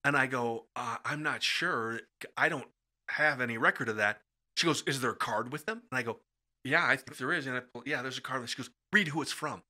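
Speaking a little fast, a man from the American Midwest tells wild stories as a guest in a podcast studio. His animated delivery has him acting out each quoted voice with dramatic jumps in pitch and loudness.

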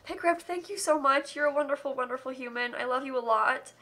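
A young woman streaming live for charity reads out donation messages in a fairly high, bright, forceful voice. She is tired after hours on air and emotional, gushing her thanks while laughing close to tears. Her delivery is warm-hearted and a little frazzled. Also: fairly quick. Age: young adult.

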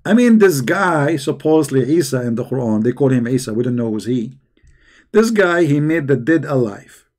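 A man hosting a call-in debate show, talking in a sarcastic, teasing way with many halting fillers. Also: mid-range voice, lively intonation, darkish tone. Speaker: host.

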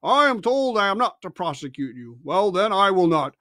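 A man voicing an indignant gentleman squire who rebukes a villain slowly and sternly, in a storybook reading. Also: high voice, very animated, no room sound, studio quality, full character voice.

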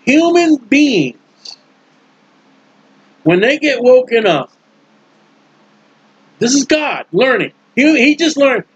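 Husky high-voiced male preacher. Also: slow, pauses often, lo-fi sound. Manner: animated, acts out voices, colloquial. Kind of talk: sermon with acted-out scenes.

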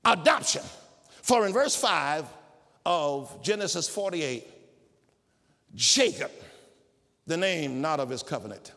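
High, gravelly preaching man. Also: lively intonation, takes it slowly, pauses often, big-room sound. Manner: emphatic preaching that rises to shouted peaks. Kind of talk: sermon. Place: church sanctuary.

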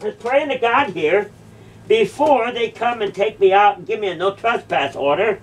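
A woman's voice: mid-range voice, moderate pace, recorded from a distance. A woman delivering a confrontational, mocking monologue, sarcastically repeating phrases back. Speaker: video creator confronting a church.

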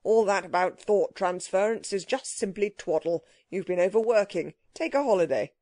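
A woman's voice: dark tone, dry recording, lightly acted. A woman reading as a bluff, hearty stout man. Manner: bluff, brisk, booming.

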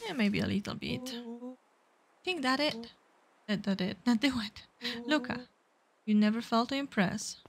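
A woman's voice: a little high, expressive, normal speed, gravelly, long pauses, a little hiss or hum. A woman casually reading game dialogue aloud as a let's play host, with fillers.

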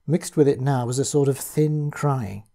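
A man giving a measured, grave first-person reading of a horror story. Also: mid-range voice, vocal fry, warm tone. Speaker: audiobook reader.

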